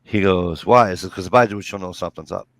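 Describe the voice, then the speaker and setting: A man's voice: low-pitched, fast talker, dry recording. A man, telling rambling, swear-filled stories in casual chat. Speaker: storyteller.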